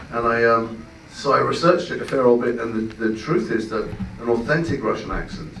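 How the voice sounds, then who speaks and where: A man on a film panel answering audience questions in articulate, measured explanations. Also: mid-range voice, fairly bright tone, a little hiss or hum. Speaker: voice actor on a panel. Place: screening venue. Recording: echoey hall, distant mic.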